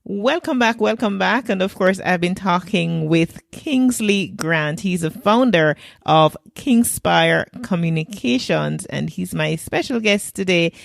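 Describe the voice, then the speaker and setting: Low-voiced woman podcast host. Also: slow pace, creaky, hardly any pauses, no echo, clean studio sound. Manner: conversational, uses fillers between phrases. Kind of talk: interview hosting.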